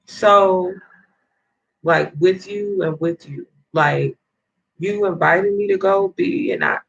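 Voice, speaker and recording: Furious swearing woman, gravelly voice. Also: fairly low pitch, animated, slow pace, lo-fi sound. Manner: furious, swearing heavily, rambling with restarts. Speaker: vlogger. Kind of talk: angry profane rant to camera.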